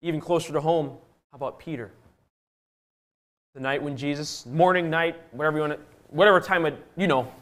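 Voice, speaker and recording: Male preacher, fairly high voice, sermon with scripture reading, dynamic delivery from loud to hushed. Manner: swings between loud emphasis and hushed, drawn-out phrases; reads scripture in old-fashioned biblical wording.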